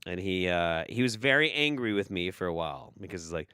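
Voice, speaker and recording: A man chats on his livestream with a lively, swooping voice that sounds bright and forceful. He swears freely and reacts loudly to his viewers, and his mic is close and dry. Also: sits low, brisk, clean tone, dry recording. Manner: profane, animated, laughing. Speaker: livestream host. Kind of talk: casual livestream chat reading superchats.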